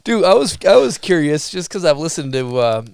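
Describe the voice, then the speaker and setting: Gravelly-voiced man, podcast co-host. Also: a little high, sing-song, a little mellow. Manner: easygoing, quick to laugh along. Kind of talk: casual podcast chat.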